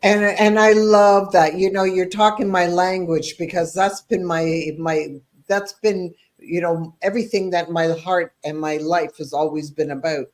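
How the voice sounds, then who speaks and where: A man's voice: high-pitched, fairly even intonation, measured pace. A man hosting a podcast, who answers his guest in an enthusiastic, heartfelt way. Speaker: podcast host. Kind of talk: casual chat.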